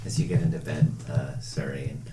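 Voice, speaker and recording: A man narrating a tabletop game as game master, measured and dotted with fillers. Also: a bass voice, monotone, dark tone. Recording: roomy, distant, noisy.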